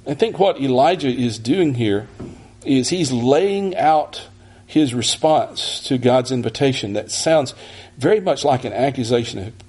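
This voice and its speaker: His voice is husky and breathy with a darkish tone, pitched in the middle range, as he teaches through an expository sermon. He speaks deliberately and keeps restarting phrases.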